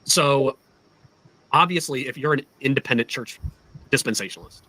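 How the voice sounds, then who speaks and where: A man's voice: mid-range voice, pushed and bright, poor audio. A man in a casual livestream discussion who asks curious questions and fills his speech with "like". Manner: curious, rapid, full of "like" fillers.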